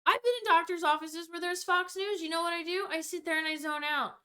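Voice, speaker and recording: A woman's voice: extremely high pitch, fairly even intonation, brisk, pushed and bright. A young woman vlogger telling a storytime rant, exasperated and rambling, swearing freely as she goes.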